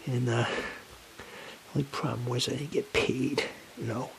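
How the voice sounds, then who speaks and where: A man telling a casual personal anecdote in an animated, exasperated way, full of fillers. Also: medium pitch, measured pace, creaky, heavy background noise. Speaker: storyteller.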